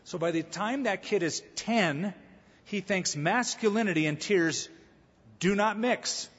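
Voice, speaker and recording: Male pastor, fairly high voice with a husky edge, storytelling sermon delivery, church reverb. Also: a little slow, fairly bright tone. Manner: storytelling preacher with humor. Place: church sanctuary. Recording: echoey hall, slightly dull sound.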